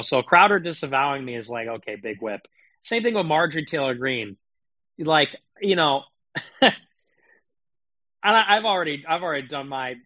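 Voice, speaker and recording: A man's voice: medium pitch, sharp tone, dry recording, highs cut off. A man streaming political commentary, talking in a sarcastic, mocking, casual rant. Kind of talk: casual ranting monologue.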